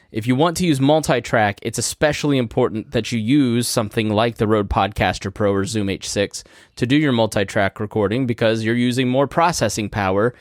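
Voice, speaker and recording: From his studio, a podcast host with a lowish voice explains a topic casually and conversationally, one plain step at a time. The sound comes from a studio microphone through a podcast mixing board, with no room sound.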